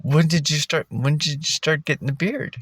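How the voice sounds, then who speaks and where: A man's voice: fairly even intonation, normal speed, fairly bright tone, breathy edge, no room sound. A man voicing a surprised young female barista in a raised, exclaiming voice. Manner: high exclaiming voice.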